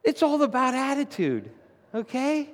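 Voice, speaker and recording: A man preaching a sermon, telling a story in a lively, animated way. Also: unhurried, in a large hall. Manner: animated storytelling, rising to loud indignant pitch in acted quotes. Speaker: pastor. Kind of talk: sermon with a told joke.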